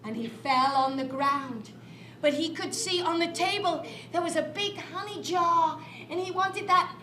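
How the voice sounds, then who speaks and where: A woman telling an interactive story to children in a library, animated and playful, adding sound effects. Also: extremely high pitch, measured pace. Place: library room. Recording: echoey room.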